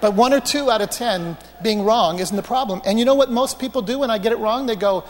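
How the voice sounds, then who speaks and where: Male preacher, high voice, storytelling sermon, long hall reverb, animated anecdotes. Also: a little fast, few pauses. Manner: anecdotal, animated, self-mocking humor.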